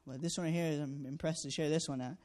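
A man tells a personal testimony in an earnest, storytelling manner. His voice sits a little high for a man. He acts out each exchange and leans on fillers as he goes. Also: steady tone, fast, darkish tone. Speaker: student canvasser sharing a testimony.

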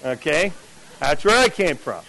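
High-voiced, chatty American preacher man. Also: measured pace, gravelly, poor audio. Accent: mixed American, mostly lost New Jersey. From New Jersey. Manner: chatty storyteller, animated asides to the audience. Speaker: pastor. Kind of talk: sermon. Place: church camp meeting before a congregation.

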